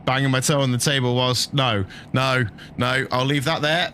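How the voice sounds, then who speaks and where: A man's voice: medium pitch, slow, bright, forceful tone, a little hiss or hum. A middle-aged man chatting casually and jokily while streaming a truck-driving game, laughing often and bantering with his chat.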